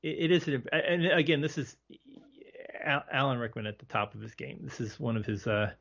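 A man guesting on a casual film podcast, talking in halting bursts with many restarts. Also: medium pitch, steady tone, gravelly, fairly bright tone. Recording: dull lo-fi audio.

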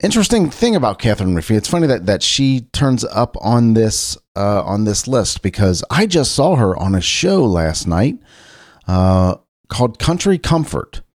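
A man's voice: lowish voice, very animated, normal speed, darkish tone, no echo, clean studio sound. A man from Cincinnati, Ohio, hosting a casual solo talk show, rambling loosely with frequent restarts. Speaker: podcast host.

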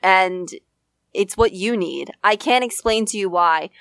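A woman's voice: mid-range voice, a little slow, vocal fry, fairly bright tone, dry recording. A woman co-hosting a film podcast, talking earnestly and enthusiastically in casual chat. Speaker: podcast co-host.

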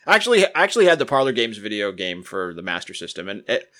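A man's voice: fairly low pitch, big pitch swings, sharp tone. A man with a Massachusetts accent co-hosting a podcast, joking wryly and laughing easily in casual chat. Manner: wry joking, quick to laugh. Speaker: podcast co-host.

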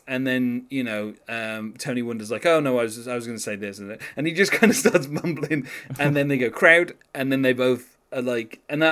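A man's voice: mid-range voice, fairly bright tone. A man chatting casually on a podcast, wandering through his points with plenty of ums and self-corrections. He laughs lightly now and then as he talks, in a mid-range voice. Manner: rambling, many fillers and restarts; laughs while talking. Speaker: podcast co-host. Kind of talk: casual chat.

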